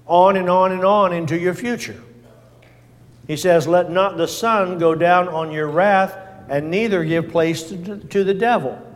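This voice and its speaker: A man preaching a sermon in a folksy, plain-spoken way, repeating his points and working in small fillers. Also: a little high. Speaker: pastor. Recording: long hall reverb.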